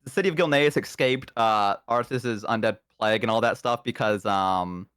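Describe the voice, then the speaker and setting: A man's voice: on the low side, moderate pace, a bit bright, clean tone, no room sound. A man chatting casually on a live stream, rambling with many ums and uhs into a close microphone. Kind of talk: casual chat.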